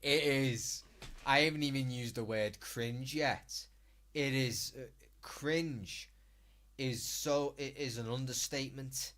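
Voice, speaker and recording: Sweary British streamer, slow-talking. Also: male voice, medium pitch, a bit bright. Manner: ranting, sweary, exasperated. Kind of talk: casual live-stream reaction chat.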